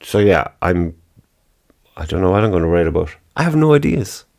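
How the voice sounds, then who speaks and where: A man's voice: deep voice, very animated, moderate pace, creaky, a little mellow. A man hosting his own podcast in casual solo chat, rambling, swearing freely and laughing at his own remarks. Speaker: podcast host.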